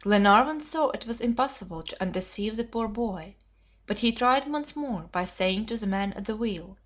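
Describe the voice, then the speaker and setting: A woman narrating an audiobook in a steady, measured reading. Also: medium pitch. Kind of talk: scripted narration. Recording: dull lo-fi audiobook recording.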